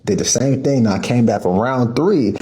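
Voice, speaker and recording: A man's voice: medium pitch, moderate pace. Laid-back man recounting meeting his fiancée. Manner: relaxed, acting out his own lines with "yo". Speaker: interviewee telling a couple's story. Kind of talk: casual storytelling.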